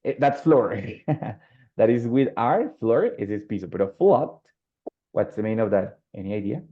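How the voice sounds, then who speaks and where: A man teaches an English class in a lowish, expressive voice at a moderate pace, his Colombian Spanish accent evident as he patiently explains and slips into Spanish. The audio is lo-fi and dull.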